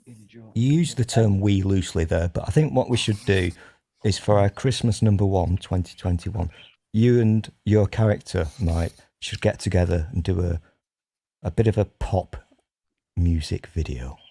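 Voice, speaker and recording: A man's voice: low voice, normal speed, creaky, warm tone. A man on a casual panel chat, teasing and playful. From United Kingdom. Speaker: panel guest.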